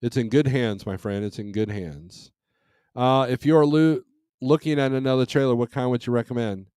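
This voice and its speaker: A man's voice: mid-range voice, normal speed, darkish tone, clean tone, no room sound, clean studio sound. A middle-aged man hosting a trucking live stream, reading and answering chat in a casual, rambling way with many restarts and fillers.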